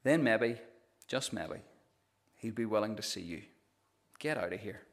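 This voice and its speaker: A man's voice: on the low side, lively intonation, unhurried. A male preacher voicing a resentful older brother who scolds his younger sibling with cold self-righteous contempt. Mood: cold dismissive. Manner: scornful, cold, lecturing.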